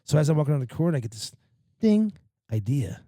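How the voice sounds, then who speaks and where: Fast-talking, swearing podcast host man. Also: a little high, dry recording, clean studio sound. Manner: fast, profane, animated storyteller. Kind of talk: casual storytelling chat.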